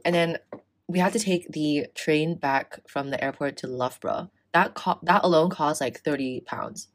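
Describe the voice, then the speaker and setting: A young woman in casual chat, telling a story in an animated way, swearing and acting out the people in it. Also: low-pitched, moderate pace. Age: young adult. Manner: animated, swearing, acts out quoted exchanges.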